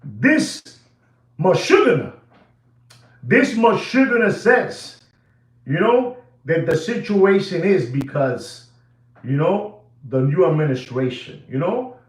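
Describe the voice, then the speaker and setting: A man's voice: fairly high pitch, takes it slowly, pauses often, reverberant, low-quality recording. A man hosting a watch channel livestream, ranting in a repetitive, emphatic way to his viewers. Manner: repetitive, animated, emphatic, addresses ladies and gentlemen. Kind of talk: livestream rant.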